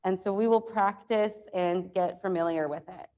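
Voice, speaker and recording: Hoarse, upbeat woman teaching a review class. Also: fairly low pitch, moderate pace, warm tone, dull audio. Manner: upbeat, chatty, with frequent fillers. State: hoarse from allergies. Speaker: exam review instructor. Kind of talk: classroom lecture. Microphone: lapel mic.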